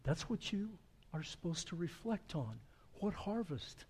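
A man's voice: fairly high pitch, big pitch swings, unhurried, a little mellow, slightly rough. A man preaching a sermon as pastor, earnest and building to emphatic swells.

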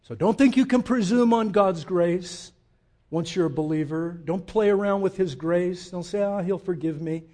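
A man preaching a sermon, swinging from loud emphatic peaks to quiet, low asides and putting direct questions to the congregation. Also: normal speed. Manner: emphatic, rising to loud peaks then dropping low and intimate. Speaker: pastor.

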